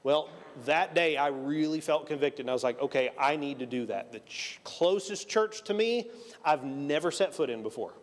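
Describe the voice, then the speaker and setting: A man's voice: on the high side, expressive, normal speed. A middle-aged Texan man preaching a conversational sermon, telling a personal story and acting out the dialogue with self-deprecating humor. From Texas. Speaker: pastor. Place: church sanctuary. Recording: church hall reverb.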